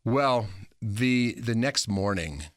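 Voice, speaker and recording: A man who anchors morning TV news tells lively stories in an interview and acts out the voices of the people he quotes. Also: mid-range voice, takes it slowly, no echo, clean studio sound. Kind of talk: animated storytelling in an interview.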